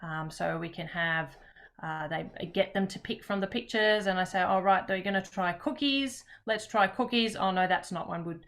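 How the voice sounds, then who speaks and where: A woman presents a teaching workshop on a video call. Her voice sits at an ordinary middle pitch, and she speaks in a loose, chatty way with many pauses. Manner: relaxed, chatty, with frequent pauses. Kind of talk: online webinar presentation.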